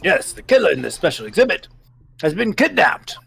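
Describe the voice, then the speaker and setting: A man's voice: high voice, very animated, fairly quick, gravelly, a bit bright, breathy edge, soft background music, voice pushed up, exaggerated voice. Theatrical male detective, grand and eccentric, read by a man. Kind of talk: voicing game dialogue.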